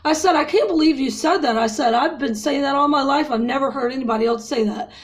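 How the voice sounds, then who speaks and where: A woman's voice: high voice, fast talker. A woman in her fifties venting to her viewers in an agitated, ranting way, upset after crying and calling her audience "y'all". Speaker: vlogger. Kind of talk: emotional personal vent to viewers.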